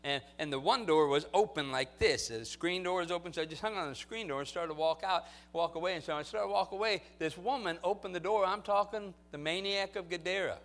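A male pastor telling stories in a sermon, moving from low, quiet storytelling to loud, fervent exhortation. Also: brisk, hardly any pauses.

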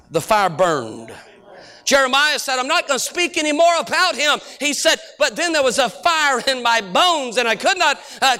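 This middle-aged man preaches as the pastor, his voice unusually high with a bright, sharp edge. He leads with stories and then climbs to shouting peaks.

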